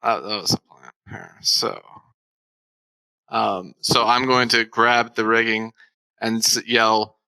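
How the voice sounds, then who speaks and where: A man's voice: on the low side, steady tone, slow, creaky, long pauses, pushed and bright, poor audio. A man playing a tabletop game, eager and tripping over his words as he lays out his moves. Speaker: player.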